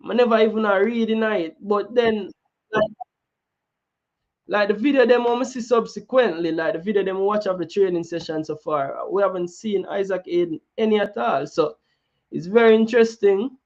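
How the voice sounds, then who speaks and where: A man with a Jamaican accent hosts a football talk show, chatting casually, drifting into patois, and restarting often. His voice is high and a little mellow at a normal speed, and the audio sounds dull.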